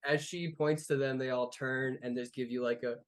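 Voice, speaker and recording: A man's voice: medium pitch, steady tone, moderate pace. A man narrating as game master of a tabletop game, describing scenes loosely with many fillers.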